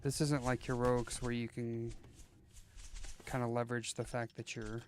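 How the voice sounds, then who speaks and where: A man with a medium pitch and level tone talks at a measured pace while streaming a game, with slight background noise present. The chat is casual and rambling, full of "like" and "you know," and he playfully lapses into sing-song voices.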